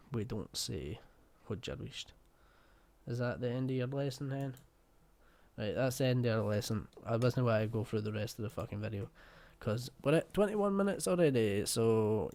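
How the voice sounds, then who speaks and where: A man's voice: mid-range voice, a little mellow. A man with a West of Scotland accent hosting a reaction video, talking casually, swearing bluntly and joking.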